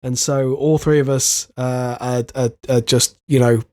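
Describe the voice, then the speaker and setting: A man's voice: mid-range voice, fairly even intonation, measured pace, warm tone. A man co-hosting a podcast, congested and nasal from a virus, talking hesitantly. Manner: hesitant, many fillers and restarts. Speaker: podcast co-host. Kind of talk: casual chat.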